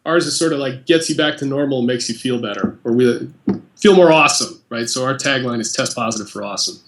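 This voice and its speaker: A man being interviewed on a podcast, speaking in a relaxed, conversational way with fillers. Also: medium pitch, fast talker, roomy sound. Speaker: interview guest, company president. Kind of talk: casual interview chat.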